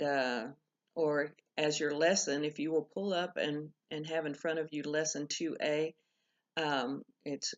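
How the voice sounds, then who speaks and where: A woman teaching a Spanish class in a recorded video lesson, explaining patiently and correcting herself as she goes. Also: low-pitched. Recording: dull lo-fi recording.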